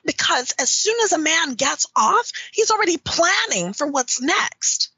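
A high, bright woman's voice that swoops up and down as she talks. She is blunt, emphatic and freely profane, an outspoken dominatrix making her case in an interview. The sound is close and dry, with no room in it. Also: big pitch swings, unhurried, no room sound, low-quality recording. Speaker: dominatrix guest. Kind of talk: candid interview talk.

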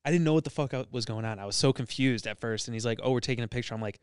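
Joking young man, smooth dry voice. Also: mid-range voice, racing, dry recording. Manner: joking and profane, retells with quoted lines. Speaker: podcast host. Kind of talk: casual chat.

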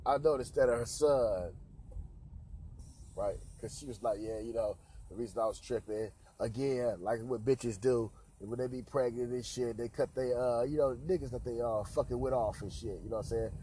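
A man's voice: medium pitch, normal speed, dark tone, a little hiss or hum. A man hosting a podcast, telling a crude anecdote in a profane, slangy way with lots of repeated filler tags. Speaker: podcast host.

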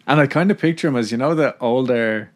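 A man's voice: mid-range voice, fast talker. A man hosting a podcast, casually narrating a story with laughs and swearing. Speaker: podcast host.

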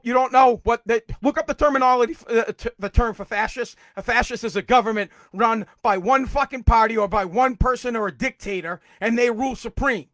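On his own podcast, a middle-aged man with a strikingly high voice goes on a heated, profane political rant, now and then erupting into shouts. The sound is close and dry, with no room sound at all.

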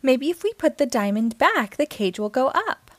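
A woman reading aloud and voicing a brave, level-headed young female cartoon agent with a calm, take-charge manner. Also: high-pitched, moderate pace, dry recording. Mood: bold. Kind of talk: children's read-aloud.

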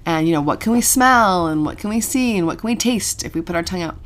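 A woman co-hosting a parenting podcast, talking in a chatty, animated way with frequent laughs and fillers. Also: on the low side, quick pace. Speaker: podcast co-host and mother. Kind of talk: casual chat.

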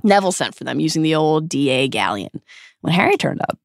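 Brief: woman co-host, lowish voice, emphatic dramatic recap reading, dry studio sound. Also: big pitch swings, a little fast, gravelly, no echo. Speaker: podcast co-host. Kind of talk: recapping a book chapter aloud.

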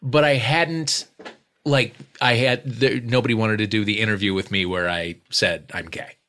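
A middle-aged man hosting a casual podcast chat, talking in a relaxed, easygoing way. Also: lowish voice, moderate pace. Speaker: host.

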